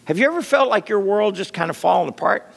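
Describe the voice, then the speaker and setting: A man preaching a sermon with lively, animated delivery that drops to soft near-whispers. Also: high voice, fast, vocal fry, breathy edge, in a large hall. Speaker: pastor.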